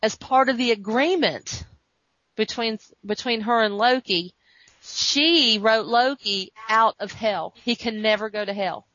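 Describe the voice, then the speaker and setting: A woman's voice: a little high, a little slow, sharp tone, no echo. A woman podcast host in casual chat, animatedly retelling a comic story and acting out quotes. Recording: muffled dry recording.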